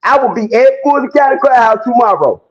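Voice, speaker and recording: A man rants in a high, swooping voice, mocking and loud, with frequent swearing and laughter. The recording sounds dull and lo-fi. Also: animated, fairly quick. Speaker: commentator. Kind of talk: animated ranting commentary.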